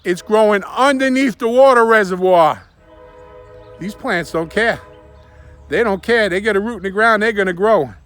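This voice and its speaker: A homestead vlogger chats enthusiastically while working outdoors in his garden, filmed on a camera a helper is holding. His voice is high and fairly bright, at a normal speed, and he is out of breath at times in this casual garden vlog.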